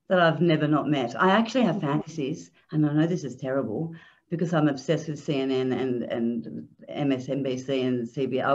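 A woman with a low voice talks casually over a video call, animated and wry, sprinkling "love" into her sentences. The sound is dull and lo-fi, as over a video-call link. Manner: animated, self-mocking, addresses others as "love". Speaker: author guest.

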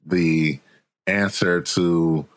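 Animated, laughing American man storyteller. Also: low-pitched, extremely slow. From United States. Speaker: podcast guest, author. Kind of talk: casual interview chat.

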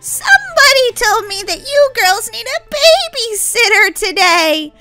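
A woman's voice: extremely high pitch, very animated, a little slow, loud music behind the voice, heavily acted. A woman doing a silly cheerful grandma. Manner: cheerful, scatterbrained.

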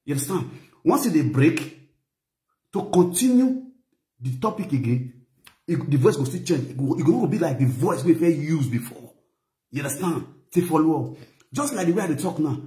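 A man's voice: fairly high pitch, lively intonation, a little fast, dark tone, reverberant. A man from Benin, Nigeria, speaking Nigerian Pidgin with a Benin accent, lecturing in a preachy, repetitive way and often checking "you understand?". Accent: Nigerian Pidgin, Benin (Edo). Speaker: commentator vlogger. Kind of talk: lecturing commentary.

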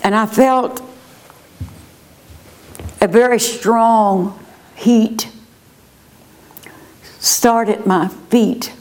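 An older woman sharing a personal testimony as an interview guest, earnest and unhurried. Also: on the high side, fairly even intonation, a little mellow. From United States. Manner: slow, earnest storytelling.

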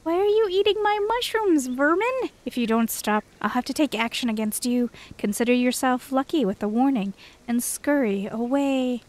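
A woman putting on a scornful dark enchantress. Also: sits high, normal speed, lightly acted. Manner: disdainful, threatening.

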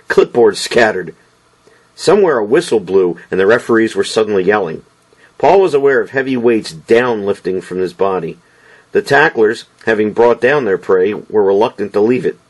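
A man reading a novel aloud as an audiobook, in a lower-than-average voice. His delivery is expressive and dramatic, pressing forward through the action. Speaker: audiobook narrator.

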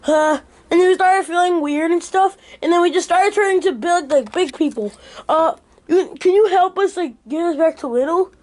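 Woman doing a troll boy, really high voice, mumbly, um-and-uh rambling, toy play. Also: normal speed, darkish tone. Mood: sheepish. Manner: hesitant, rambling explanations. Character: grumpy young male troll boyfriend.

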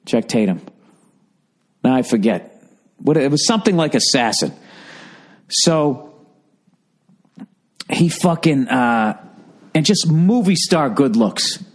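A man's voice: medium pitch, expressive, takes it slowly, long pauses. A man hosting a podcast, telling a long story in a loose, swearing, digressive way and correcting himself as he goes. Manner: profane, digressive, corrects himself mid-sentence. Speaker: podcast host. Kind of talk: rambling comic storytelling.

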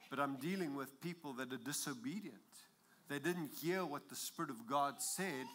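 High, bright-voiced man preaching. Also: a little hiss or hum. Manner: emphatic, rises to loud exclamations. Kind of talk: sermon.

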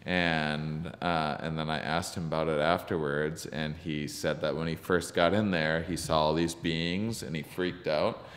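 Deep-voiced man in a reverberant room. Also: steady tone, a bit bright. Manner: halting, full of ums and restarts. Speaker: podcast guest, comedian. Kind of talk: casual storytelling interview.

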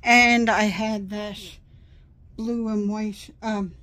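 A woman's voice: mid-range voice, little pitch movement, extremely slow, a bit bright. A tired woman chatting casually at her desk at home, rambling and getting sidetracked as a vlogger. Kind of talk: casual chat.

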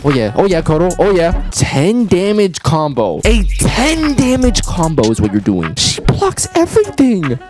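A young man streaming a fighting game, cursing at the characters and going from low muttering to shrieks. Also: wildly swooping pitch, unhurried, hardly any pauses, darkish tone. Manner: profane, trash-talks the fighters, swings from low muttering to shrieks. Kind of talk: live gameplay commentary. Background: game music.

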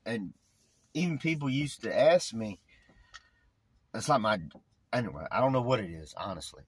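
A man with a Southern drawl vlogging casually, rambling in a folksy, animated way. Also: mid-range voice, normal speed, slightly rough. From Virginia. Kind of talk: casual chat, vlogging while driving.

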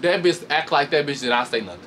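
A man casually recapping a reality show fight with lots of swearing, laughter, and sudden high mocking voices. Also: fast, a little hiss or hum. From Chicago. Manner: animated, profane, laughs often, shifts into high mocking voices. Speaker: commentator reacting to a reality show. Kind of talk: casual chat.

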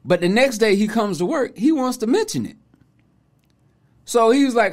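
A man's voice: very high voice, sing-song, moderate pace, pauses often. A man hosting a podcast, delivering an opinionated commentary monologue in casual slang, mocking and preachy. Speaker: podcast host.

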